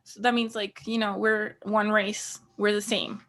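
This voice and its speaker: A woman's voice: medium pitch, flat delivery, measured pace, fairly bright tone. A young woman from Greece chatting casually on a podcast, telling a story with lots of fillers and laughs. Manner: storytelling with many likes and laughs. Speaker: podcast co-host. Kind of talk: casual chat.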